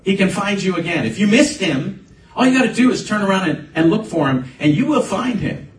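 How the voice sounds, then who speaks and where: A man's voice: high voice, big pitch swings, brisk. A man preaching a conversational sermon as a pastor, building to emphatic bursts. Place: church sanctuary. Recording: echoey room, voice from a distance, faint ambience.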